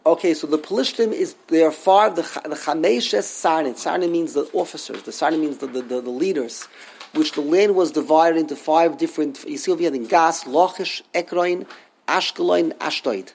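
A man's voice: on the high side, normal speed, creaky, darkish tone, a little hiss or hum. A man teaching a text study class, thinking aloud, repeating words and asking rhetorical questions.

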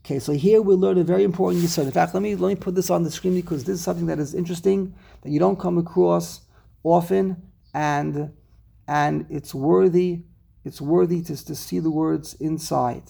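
Gravelly man teaching a text lesson. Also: a little high, fairly quick. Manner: animated, rhetorical questions, reads Hebrew terms aloud. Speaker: Torah teacher.

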